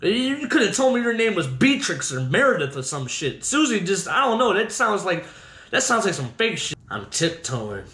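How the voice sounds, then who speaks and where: A man hosting a podcast, telling his own story casually with constant swearing and an animated delivery. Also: sits high, moderate pace, reverberant, poor audio. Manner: heavy swearing, animated retelling.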